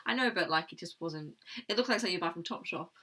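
A woman's voice: on the low side, expressive, quick pace, sharp tone. A young woman co-hosting a wrestling podcast, chatting casually and tagging questions onto her remarks. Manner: chatty, asks questions, with tag questions. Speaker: podcast co-host. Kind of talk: casual chat.

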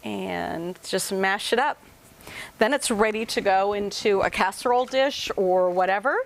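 A woman's voice: medium pitch, a little slow, vocal fry, rough recording. A woman giving a home cooking demonstration in a kitchen, talking to viewers in a chatty, folksy and playful way.

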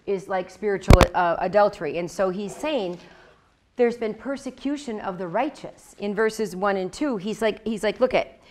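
A woman's voice: mid-range voice, moderate pace, a little hiss or hum. A woman teaching a Bible lesson in a conversational way. She often repeats her phrases and checks in with her listeners, and she acts out the words she quotes. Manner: animated, acts out God's words.

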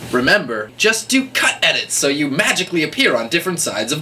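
A young man talking at home in a mocking parody vlog, at times jumping to loud high shouts. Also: very animated, a little fast, hardly any pauses, very noisy. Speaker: vlogger. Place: home room.

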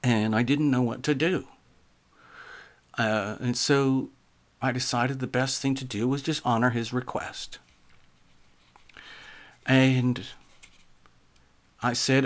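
Man, storyteller, calm, measured, middle pitch, soft trailing endings. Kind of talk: spoken first-person story.

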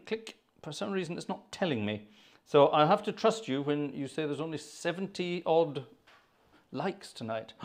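A man with a fairly high voice hosts a live organ stream in casual, chatty talk. He muses aloud and drops quiet asides to himself as he goes.

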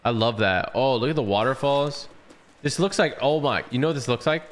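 Excitable young man commentating gameplay. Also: mid-range voice, fairly quick. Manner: excitable, slangy, reacts aloud. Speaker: gaming channel host.

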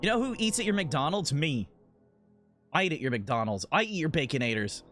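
A man streaming a game, chatting casually in a rambling, profane, animated rant. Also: a little high, a little fast, soft background music.

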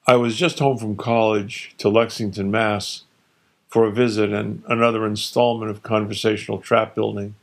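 A man reading his own story aloud in a wry, deliberate, measured way. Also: lowish voice, level tone.

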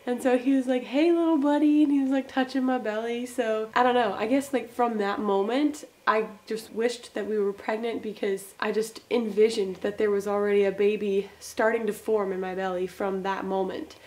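A woman's voice: medium pitch, moderate pace, hardly any pauses. A young woman vlogging in a chatty, rambling way, acting out little scenes as she tells them. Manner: chatty, rambling, animated retelling. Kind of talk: casual chat.

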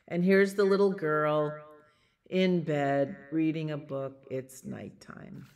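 A woman librarian reading a bedtime picture book aloud to children, gently and animatedly. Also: sits low, fairly even intonation, takes it slowly.

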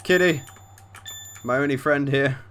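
A man's voice: medium pitch, lively intonation, normal speed, fairly bright tone, a little hiss or hum. Swearing man playing a horror game. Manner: swears often, jumpy reactions, reads game text aloud. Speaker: let's play commentator. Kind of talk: gameplay commentary. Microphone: desk mic with facecam.

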